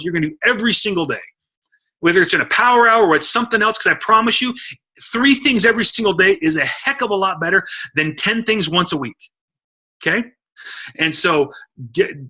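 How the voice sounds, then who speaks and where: A middle-aged man giving an energetic coaching talk to a sales team on a conference call, urging listeners he calls guys. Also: a little high, breathy edge. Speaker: motivational speaker on a team call. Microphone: phone or computer mic on a conference call.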